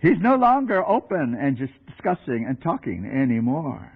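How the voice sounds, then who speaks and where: A male preacher telling a story in a sermon, animated and laughing often, on a dull lo-fi recording. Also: medium pitch, normal speed.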